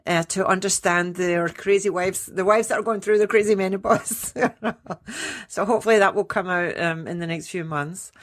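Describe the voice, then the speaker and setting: A middle-aged woman, a menopause coach and podcast guest, telling stories in a lively way, acting out what people said and laughing often. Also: medium pitch, normal speed. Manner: animated storyteller who acts out quotes and laughs often. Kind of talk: casual interview chat.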